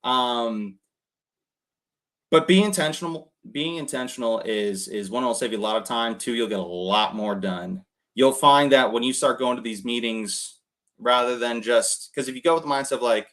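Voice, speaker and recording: A young man coaching cold callers in loose, casual talk. He rambles through plenty of fillers and acts out little snippets of conversation. His voice sits at an ordinary middle pitch. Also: normal speed, a bit bright. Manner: rambling, heavy on fillers and quoted dialogue.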